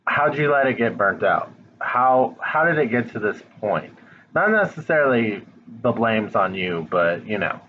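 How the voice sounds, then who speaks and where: Man, unhurried tarot reader, lowish voice, frank and blunt, slightly dull home recording. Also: very animated, a little hiss or hum. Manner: blunt, frank, swears casually, speaks straight to the viewer. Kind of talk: casual tarot reading to camera. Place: home, dog nearby.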